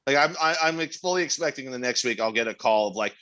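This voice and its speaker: Swearing freely and laughing as he goes, a young podcast co-host swaps stories in casual chat. He talks at a quick pace in an expressive mid-range voice that sounds pushed and bright.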